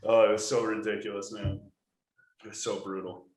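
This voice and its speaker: Animated American man telling stories, echoey room. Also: lowish voice, normal speed. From United States. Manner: animated, laughing storyteller. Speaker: podcast co-host. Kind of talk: casual storytelling chat. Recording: roomy echo.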